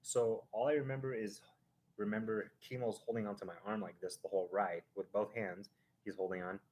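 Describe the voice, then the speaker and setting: A man hosting a live stream, casually telling a family story in an animated, rambling way full of restarts and sound effects. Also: on the low side, fairly quick, a little hiss or hum.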